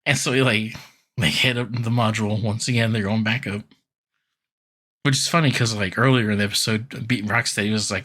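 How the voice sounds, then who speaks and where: Male podcast co-host, forceful and a bit raspy, loose filler-heavy recap chat. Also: lowish voice, steady tone, a little fast. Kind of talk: casual chat recapping a cartoon episode.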